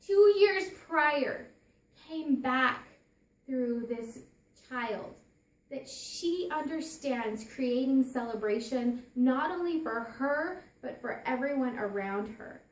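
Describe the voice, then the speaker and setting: Woman, high voice, roomy echo; earnest parent storyteller who restarts her sentences. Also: animated, slow. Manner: earnest, restarts and repeats phrases. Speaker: parent giving a talk. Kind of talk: personal storytelling talk.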